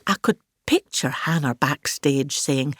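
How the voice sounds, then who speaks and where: A pompous older Scottish actress. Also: female voice, sits low, unhurried, dry recording, clean studio sound. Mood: grand. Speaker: comic monologue narrator. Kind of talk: scripted comic monologue.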